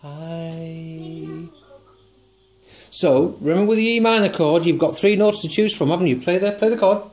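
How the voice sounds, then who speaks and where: Fast-talking, with a high, slightly mellow voice, this male teacher runs a one-on-one songwriting session against a faint hiss or hum. He offers patient encouragement, asks guiding questions, and demonstrates the melody by singing short notes.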